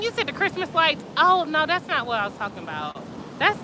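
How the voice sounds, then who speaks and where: A woman hosting a casual live stream outdoors by the sea at night, chatting and reading comments in an excitable, slangy way. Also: sits high, fairly quick. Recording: outdoor phone audio with surf and wind noise. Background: waves and wind.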